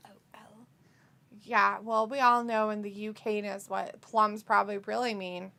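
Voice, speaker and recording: A woman's voice: medium pitch, flat delivery, unhurried, creaky, pushed and bright. A woman, co-hosting a wrestling watch-along, reading chat messages aloud, teasing and laughing often.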